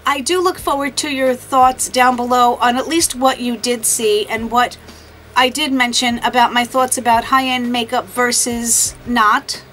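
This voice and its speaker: A beauty vlogger talks to camera in a casual makeup video, chatty, apologetic, and quick to put herself down. Her fairly high voice is a bit bright, a little slow, and fairly even in intonation, with soft music behind her on a low-quality recording.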